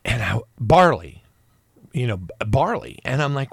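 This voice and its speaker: A man in his fifties telling a personal religious testimony, rambling and emotional, with frequent restarts and excited outbursts. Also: mid-range voice, a little fast, dry recording, studio quality. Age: 50s. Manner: rambling with many restarts and asides. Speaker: religious video speaker.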